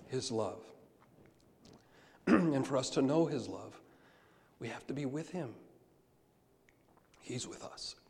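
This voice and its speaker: A man preaching a sermon, moving between soft, hushed lines and loud, emphatic calls. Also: mid-range voice. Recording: long hall reverb.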